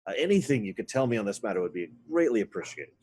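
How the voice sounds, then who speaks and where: A man's voice: on the low side, big pitch swings, very fast, a little mellow, breathy edge. A man playing a stammering polite adventurer. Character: earnest male adventurer on a quest.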